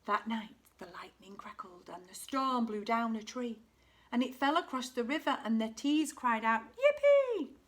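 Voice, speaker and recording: A teacher reading a children's picture book aloud with expressive delivery. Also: female voice, fairly high pitch, moderate pace. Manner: expressive, shifting voices and volume. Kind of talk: storybook read-aloud for children.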